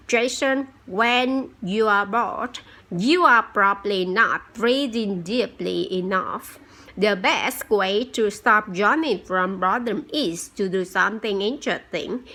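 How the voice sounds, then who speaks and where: A woman voicing a patient schoolteacher who explains things to a pupil in a slow, careful reading voice. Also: mid-range voice, bright, forceful tone, full character voice.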